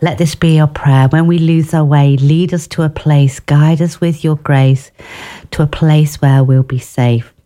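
A woman's voice: low-pitched, steady tone, measured pace, mellow. A woman giving an informal devotional talk on prayer, earnest and personal, with restarts and asides. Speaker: devotional speaker.

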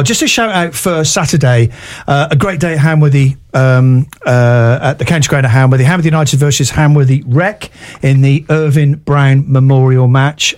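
A man's voice: mid-range voice, darkish tone. A male community radio host from Dorset talks with gushing enthusiasm. He heaps praise on his guest. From Dorset, England.

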